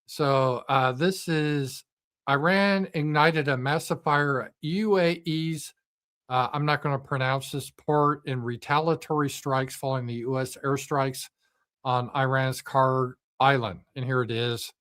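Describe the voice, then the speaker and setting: Smooth, steady and fairly bright, this middle-aged man's mid-range voice moves unhurriedly as he hosts a live political stream. He improvises, mocking and sarcastic, swearing freely and filling gaps with frequent fillers.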